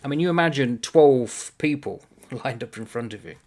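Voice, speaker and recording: A man's voice: mid-range voice, moderate pace, darkish tone. Man musing over a classic play. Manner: thoughtful, meandering, self-correcting. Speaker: book reviewer. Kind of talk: casual literary explainer.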